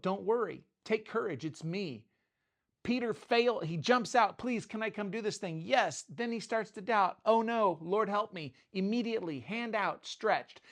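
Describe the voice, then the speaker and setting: A man preaching in a loose, conversational way, with a slightly high voice. He jokes, trails off, and restarts his thoughts as he talks through his points. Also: fairly bright tone. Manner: conversational, self-interrupting, joking asides. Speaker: pastor. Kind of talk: informal sermon.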